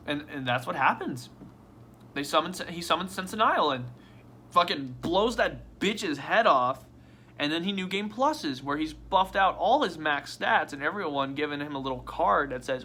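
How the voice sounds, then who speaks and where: A man vlogging casually at his desk, rambling and excitable with frequent swearing and restarts. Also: fairly high pitch, unhurried, slight background noise. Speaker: toy unboxing vlogger.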